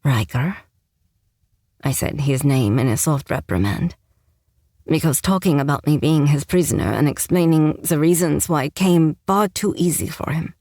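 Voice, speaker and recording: Gravelly, low-voiced woman reading a romance. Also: moderate pace, dark tone, no echo, clean studio sound. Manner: wry, sarcastic first-person narration. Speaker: audiobook narrator. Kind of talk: first-person romance audiobook narration.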